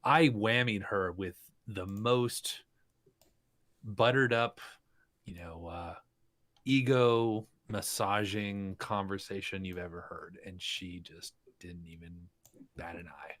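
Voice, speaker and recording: A man playing a tabletop role-playing game, chatting in an animated, joking way. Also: sits low, takes it slowly, no echo. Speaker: player.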